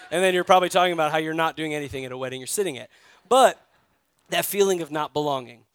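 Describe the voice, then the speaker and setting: A man's voice: a little high, quick pace, fairly bright tone, smooth, no echo. A man from New York, a pastor giving a sermon in a conversational storytelling way, often asking his listeners directly.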